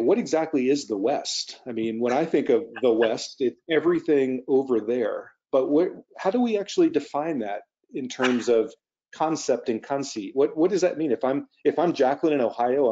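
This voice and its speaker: Male moderator from Virginia, mellow and dark tone, friendly hesitant questions, muffled recording. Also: medium pitch, lively intonation, moderate pace. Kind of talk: moderated public conversation.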